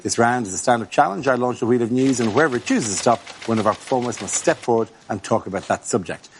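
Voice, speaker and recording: A man hosting a comedy panel show, introducing the rounds in a brisk, upbeat way. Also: mid-range voice, slight background noise. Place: TV studio with live audience. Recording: lively studio audience behind.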